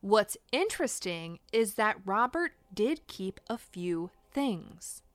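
A woman's voice: mid-range voice, sing-song, slow pace, dry recording. A woman hosting a true crime podcast, reading a scripted account in a blunt, indignant way and swearing for emphasis.

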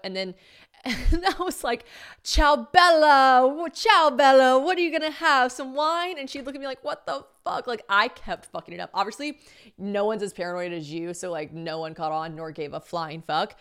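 This woman's voice is fairly low in pitch with a fairly bright tone. She's an American in her twenties hosting a solo podcast, telling stories casually, swearing freely, and acting out other people's lines.

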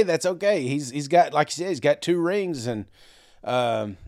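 A man with a slightly raised pitch co-hosting a podcast. He ribs his partner with a good-natured laugh in a relaxed sports chat. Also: moderate pace. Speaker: podcast co-host.

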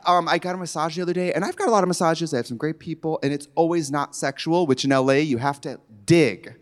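A man co-hosting a live comedy show on a theater stage, telling campy, animated stories. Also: on the high side, fast talker. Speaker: comedy podcast co-host.

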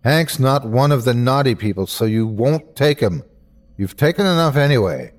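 A man's voice: mid-range voice, animated, moderate pace, lightly acted. A man voicing a deranged older man in a horror story, who pleads and then snaps at a killer creature. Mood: furious.

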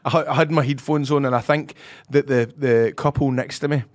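A man's voice: mid-range voice, fairly even intonation, a little fast. A Scottish man co-hosting a football podcast, telling stories in a laid-back, chatty way with dialect words. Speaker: co-host. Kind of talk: casual podcast chat.

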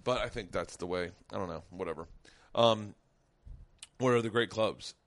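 A man's voice: fairly low pitch, normal speed, creaky, a bit bright. A middle-aged man hosting a podcast, telling a profane story in casual chat and acting out the quotes as he goes. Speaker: podcast host.

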